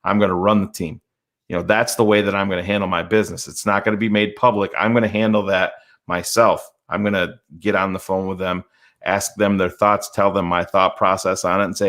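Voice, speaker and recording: Brief: low-pitched male co-host, matter-of-fact sports opinions, salty. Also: little pitch movement, fairly quick, a bit bright. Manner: confident, blunt, swearing. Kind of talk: casual sports talk show.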